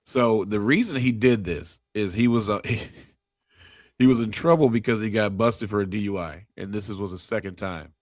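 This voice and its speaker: A man's voice: on the low side, moderate pace, no room sound, clean studio sound. A man hosting a podcast in casual chat, rambling through stories and acting out the people in them. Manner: rambling storyteller who acts out quotes, many restarts. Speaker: podcast host.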